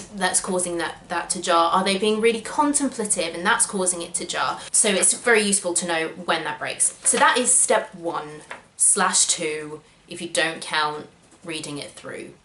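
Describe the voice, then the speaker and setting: In an echoey room, a woman actor with a lowish, fairly bright voice gives upbeat, step-by-step audition advice to her tripod camera. A little hiss or hum sits under this casual instructional vlog.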